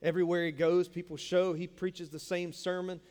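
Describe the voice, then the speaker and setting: A man's voice: sits high, flat delivery, normal speed, darkish tone. A man preaching a sermon in a casual, conversational way, joking with listeners and often repeating words as he explains. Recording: long reverb in a large hall.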